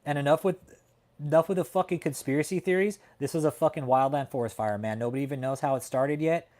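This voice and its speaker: A man's voice: fairly high pitch, fast talker, warm tone. A man from California hosting a casual livestream chat, talking in a heated, profane, emphatic way and often tacking on "man". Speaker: livestream host. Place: home in Texas.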